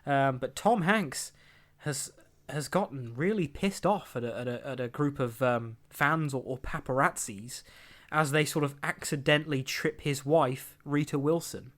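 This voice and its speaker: A man's voice: medium pitch, unhurried, fairly bright tone. A young man hosting a podcast, rambling through entertainment news with lots of laughs and acted-out quotes. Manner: rambling, chatty, laughs often, acts out quotes. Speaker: podcast host. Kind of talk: casual chat, reading entertainment news.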